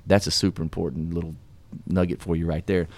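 Middle-aged male radio host with a deep voice; earnest, folksy motivational storyteller. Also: flat delivery, fast, darkish tone. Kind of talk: casual storytelling and motivational talk.

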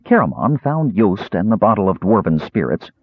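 Man, audiobook narrator, expressive fantasy narration, deep, dull lo-fi recording. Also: normal speed, breathy edge, no room sound. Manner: expressive storytelling.

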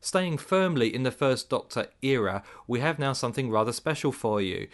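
A man hosting a podcast, introducing segments in a measured, slightly hesitant way. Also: mid-range voice, animated, faint music behind. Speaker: podcast host. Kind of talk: casual podcast chat.

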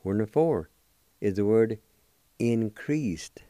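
A man hosting a radio language lesson, spelling out words letter by letter and repeating each one slowly for listeners to practice. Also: on the low side, expressive, warm tone, no echo, studio quality. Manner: slow, careful spelling out of letters and syllables; repeats each word several times for practice.

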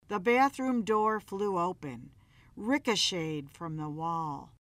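Slow, measured woman storyteller. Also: medium pitch, a bit bright, no echo. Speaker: narrator. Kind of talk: scripted horror story narration.

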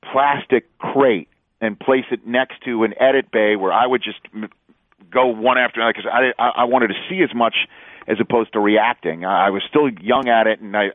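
A man's voice: lowish voice, no room sound. Man telling stories over a phone line. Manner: animated storyteller, laughs often, acts out quotes. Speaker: sportscaster guest. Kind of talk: casual interview storytelling. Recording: dry, phone-line sound.

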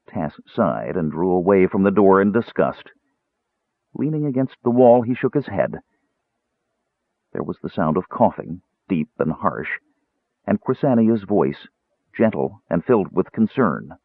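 Man narrator, lower-pitched husky voice, wide lively melody, tinny phone-like band. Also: moderate pace, dry recording. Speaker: audiobook narrator. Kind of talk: scripted fantasy narration.

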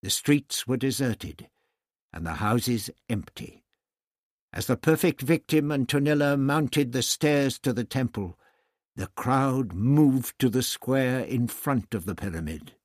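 A man narrating a novel aloud as an audiobook, in a measured, even storytelling manner. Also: mid-range voice, no room sound, clean studio sound. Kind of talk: scripted narration.

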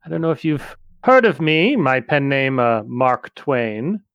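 A man's voice: mid-range voice, big pitch swings, measured pace, fairly bright tone, clean tone, no room sound, highs cut off. A man voicing a theatrical, self-assured male author who speaks grandly. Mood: grandiose.

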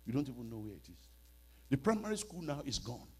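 A male preacher telling stories in a sermon, dramatic and swinging between hushed and loud. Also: mid-range voice, big pitch swings, quick pace, slight background noise. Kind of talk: storytelling sermon.

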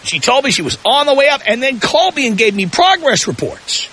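A man's voice: very high voice, sing-song, fairly quick, sharp tone, breathy edge, rough recording. A man hosting a call-in radio talk show, asking provocative questions with heavy emphasis.

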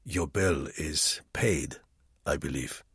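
Male narrator doing a cold, sneering spy: deep, husky, dry, contempt in every line. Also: takes it slowly, no room sound, heavily acted. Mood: sardonic. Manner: icy and acid, softly contemptuous. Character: cold, sardonic, menacing middle-aged male spy. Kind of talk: audiobook character reading.

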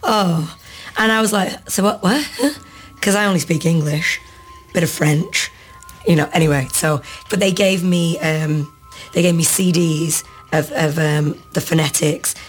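A woman with a notably low voice talks through an interview in a loose, chatty way, often breaking into laughter. Faint music runs softly underneath her. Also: measured pace. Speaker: actress guest. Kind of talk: casual interview.

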